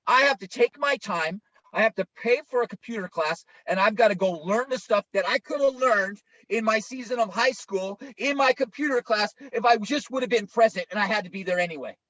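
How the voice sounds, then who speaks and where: A man's voice: high voice, fairly quick, bright, forceful tone, no room sound. A male pastor preaching an informal, conversational sermon, often checking in with listeners by asking "right?". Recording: dull lo-fi, dry sound.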